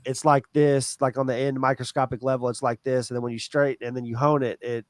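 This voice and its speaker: A man's voice: mid-range voice, flat delivery, fast talker, dry recording, clean studio sound. A man co-hosting a podcast, giving a rambling, casual explanation full of restarts. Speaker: podcast co-host. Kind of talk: casual chat.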